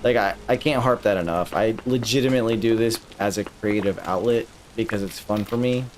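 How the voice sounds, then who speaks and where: With soft music in the background, a streamer with a lowish, darkish voice talks fairly quickly over his live gameplay. He addresses chat casually, swearing often and venting his frustration.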